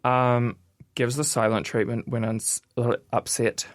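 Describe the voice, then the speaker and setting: A man, co-hosting a casual radio chat and reading quiz items aloud in a steady list. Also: medium pitch, unhurried, dry recording, studio quality. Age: 20s. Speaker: radio co-host. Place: radio studio.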